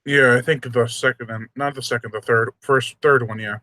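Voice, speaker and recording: An easygoing man co-hosts a movie-watch chat, joking and laughing often. His voice is bright and at a middling pitch. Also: fairly even intonation, normal speed. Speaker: co-host. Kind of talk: casual movie-watch commentary.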